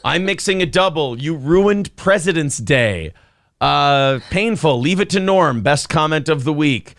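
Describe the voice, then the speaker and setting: A man in his forties hosting a casual morning show, telling a long deadpan joke full of fillers and reading out chat comments. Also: fairly high pitch, unhurried, dry recording, clean studio sound.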